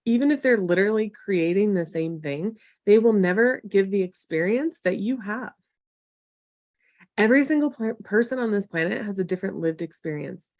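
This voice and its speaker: A woman hosts a live coaching session and talks casually to her viewers. Her voice sits mid-range and comes across warm-hearted but blunt, encouraging one moment and tough-love the next. The sound is dry and close, with no room echo. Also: mid-range voice, expressive, moderate pace. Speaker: marketing coach hosting a live Q&A.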